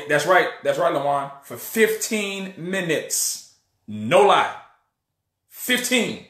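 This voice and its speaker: A man telling a personal story in a casual, animated way, often acting out the voices of others. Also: fairly high pitch, roomy sound. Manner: animated storyteller, acts out voices, many restarts. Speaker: online preacher and channel host.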